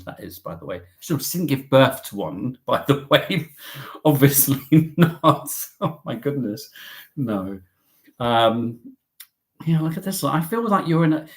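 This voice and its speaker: A man's voice: medium pitch, big pitch swings, measured pace. A man hosting a travel live stream, chatty and upbeat, with cheeky jokes and asides.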